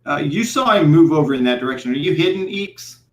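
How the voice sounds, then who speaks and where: A man narrating as game master for a tabletop game, in a halting style full of fillers. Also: fairly high pitch, lively intonation, roomy sound.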